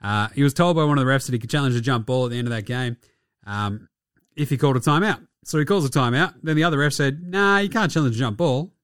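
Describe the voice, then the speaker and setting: A man's voice: mid-range voice, quick pace, smooth, no echo, clean studio sound. A young Australian man giving a casual, profane and mocking recap of basketball games. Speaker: basketball commentator.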